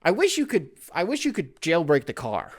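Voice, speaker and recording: A man's voice: on the high side, huge pitch swings, brisk. A man in his thirties hosting a podcast, rambling through a comedic monologue with lots of profanity. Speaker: podcast host.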